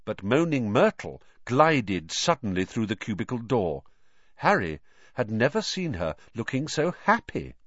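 Animated male storybook narrator. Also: medium pitch, measured pace, dry recording. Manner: expressive, animated reading. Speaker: audiobook narrator. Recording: dull lo-fi dry audio.

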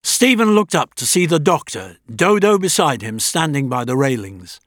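A man reading a story aloud in a measured, dramatic narrating style. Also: on the high side, no room sound, studio quality. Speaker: audiobook narrator. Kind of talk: scripted narration.

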